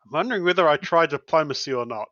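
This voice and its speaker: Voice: medium pitch, lively intonation, quick pace, a bit bright, no room sound, muffled recording. A player in a tabletop game, hesitant and full of fillers while deciding moves. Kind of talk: casual tabletop play.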